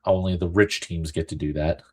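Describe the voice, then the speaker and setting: A man's voice: low voice, fairly even intonation, a little fast, darkish tone, slight background noise. A man co-hosting a casual podcast chat, laid-back, tossing in dry, wry remarks. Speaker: podcast co-host.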